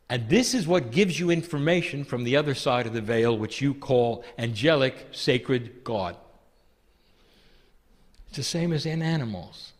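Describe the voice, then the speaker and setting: A man giving a channeled spiritual talk to an audience, speaking gently and addressing listeners as "dear one". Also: medium pitch. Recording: long hall reverb.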